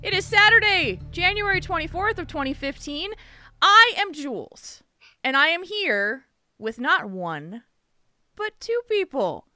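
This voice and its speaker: A woman's voice: very high-pitched, very animated, unhurried, bright, forceful tone, dry recording. A woman hosting a podcast in casual chat, bubbly and laughing often. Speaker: podcast host.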